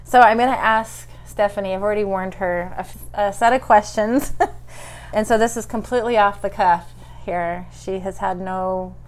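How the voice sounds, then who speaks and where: A woman's voice: mid-range voice, moderate pace. A middle-aged woman interviewing an old friend in a friendly, encouraging way, with murmurs of agreement as she listens. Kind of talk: casual conversational interview.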